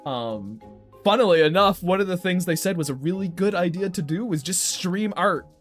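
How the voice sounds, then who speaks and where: With soft music in the background, a young man talks in a high-pitched, animated voice at normal speed. He's drawing on a livestream and chatting straight to viewers in a swear-filled rant.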